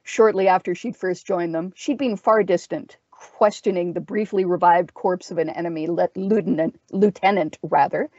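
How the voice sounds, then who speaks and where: A woman reading a dark fantasy story aloud, in a measured, expressive narration. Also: on the low side, no room sound. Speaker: story reader. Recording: dull dry lo-fi sound.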